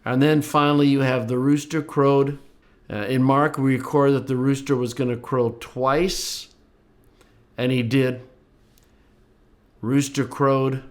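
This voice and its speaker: An older man teaching a Bible lesson, explaining passages in a lively way and briefly acting out the quoted speakers. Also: measured pace, long pauses. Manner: lively, voices the quoted speakers with rising pitch. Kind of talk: explanatory lecture.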